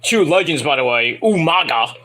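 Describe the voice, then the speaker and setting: A man's voice: fairly high pitch, animated, moderate pace, pushed and bright. A man reviewing a wrestling show in a casual, profane, rambling and jokey solo commentary.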